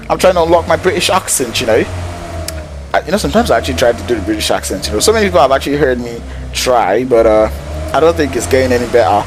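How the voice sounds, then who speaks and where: A man doing live esports play-by-play in a mid-pitched voice, loose and joking, full of slang. When the action heats up he jumps to loud, high, excited calls. Faint game noise runs underneath. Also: quick pace. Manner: casual, joking, slangy, rises to excited shouts in fights. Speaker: esports caster.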